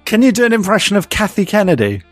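A man's voice: sits high, sing-song, fast, faint music behind. A man co-hosting a podcast and running a game, playful and teasing in casual chat.

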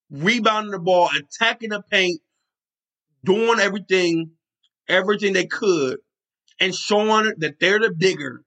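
A man's voice: high voice, pushed and bright. A man hosting a sports podcast, talking with passion and emphasis, repeating himself and swearing now and then. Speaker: podcast host. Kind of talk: excited sports talk.

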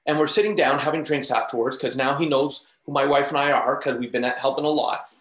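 A man being interviewed tells stories casually and fast in a mid-range voice, animatedly acting out the voices of the people involved. The recording has a roomy echo.

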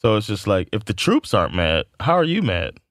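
A man's voice: lowish voice, big pitch swings, fairly quick, dry recording, studio quality. Blunt, laughing man in casual chat. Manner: blunt, laughs often, swears.

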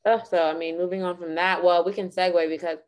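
Easygoing young woman with a lowish voice. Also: level tone, quick pace. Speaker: podcast co-host. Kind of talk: casual chat.

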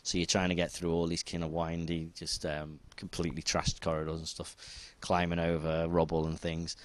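A man's voice: deep voice, normal speed. A man chatting casually about video games as a co-host, rambling with restarts. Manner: rambling, excitable, many restarts. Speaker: podcast co-host. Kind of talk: casual chat.

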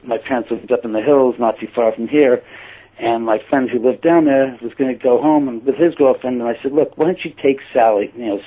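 A man casually telling a personal story, acting out his own quoted thoughts with lively shifts. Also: medium pitch. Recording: tinny phone-like line.

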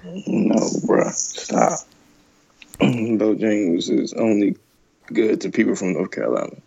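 A man's voice: on the low side, very animated, slow pace, gravelly, mellow, husky, no echo. A man co-hosting a casual chat, teasing and laid-back, with a dull, slightly muffled sound. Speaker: podcast co-host.

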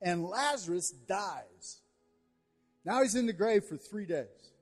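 A man preaching a sermon with lots of energy, pushing up into shouted call-and-response with his congregation. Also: sits high, lively intonation, slow pace, soft background music. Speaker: pastor. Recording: long hall reverb.

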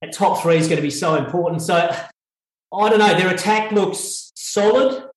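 A man with an Australian accent, a former cricketer, giving measured, thoughtful views in a casual podcast chat. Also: sits high. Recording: roomy echo on the voice.

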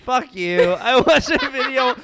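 A man's voice: very high-pitched, lively intonation, a little slow, bright, forceful tone. A young man co-hosting a casual chat, playful and teasing, laughing often. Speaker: podcast co-host.

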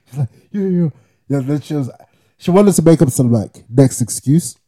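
Speaking at a normal speed, this young man has a fairly high, warm, animated voice. As a podcast co-host, he tells a story in a lively, casual way, performing the quotes in slang and tacking "yeah?" onto lines.

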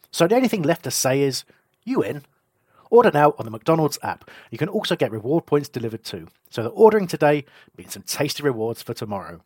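A man reading a radio advert in an upbeat, lively way. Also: medium pitch, husky, dry recording, clean studio sound. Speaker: advert announcer. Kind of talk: read advert.

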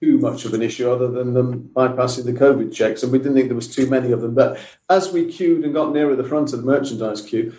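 A middle-aged man, a guest on a podcast, telling a story in steady, careful detail. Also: medium pitch, quick pace, echoey room. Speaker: guest, father of a wheelchair user. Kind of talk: podcast interview, recounting events.

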